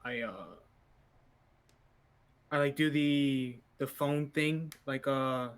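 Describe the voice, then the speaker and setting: A man's voice: mid-range voice, fairly even intonation, slow, clear, resonant tone. A man with a mid-range voice speaks as his character in a tabletop role-playing game. He talks hesitantly, stumbling and restarting as he works out what his character does. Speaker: player.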